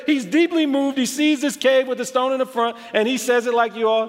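A man preaching a sermon, telling a story with animated emphasis and acting out quoted lines. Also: extremely high pitch, brisk, hardly any pauses, slight background noise. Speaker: pastor. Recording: long hall reverb.

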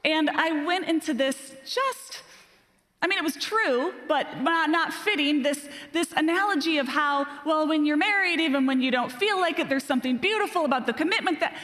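A woman preaching a sermon, telling self-deprecating stories in an animated way. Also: high voice, normal speed. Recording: reverberant hall.

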